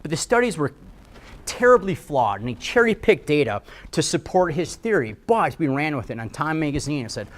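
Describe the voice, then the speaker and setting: A middle-aged man giving a casual, animated health talk to a live audience, often asking them to agree. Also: a little high, fairly quick. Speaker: health speaker.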